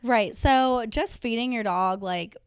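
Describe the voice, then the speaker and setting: Young woman, dog trainer, smooth clear voice, dry close sound, casual upbeat chat. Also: slow, no room sound. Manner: upbeat, uses "like" a lot, acts out dogs and owners in higher voices.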